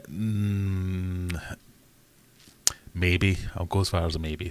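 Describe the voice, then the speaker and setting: A man with a low, deep voice hosts a casual livestream. He rambles from topic to topic in a chatty way and picks up viewer questions as he goes. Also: a bit bright, slight background noise. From Sheffield, England. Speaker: livestream host.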